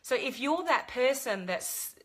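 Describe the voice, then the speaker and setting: A woman's voice: high voice, expressive, unhurried. A middle-aged woman talking to camera, giving earnest life advice with fillers and restarts. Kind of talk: casual talk to camera.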